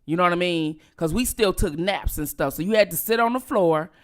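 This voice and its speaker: A woman's voice: on the low side, a little fast. A middle-aged woman vlogger telling a childhood story casually, cursing freely and talking straight to her viewers. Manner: profane, animated, addresses viewers directly. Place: at home.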